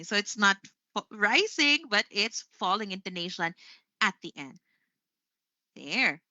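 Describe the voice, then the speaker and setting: Bright, chatty Filipino woman teacher. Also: mid-range voice, dry recording, lo-fi sound. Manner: chatty, upbeat, says "there you go" often. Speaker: English teacher. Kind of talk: live online English lesson.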